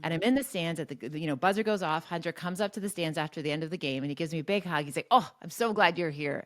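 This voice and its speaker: A woman in her forties, a guest expert telling a personal story in a podcast interview, animated with quick restarts and quoted dialogue. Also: deep voice, no echo, studio quality.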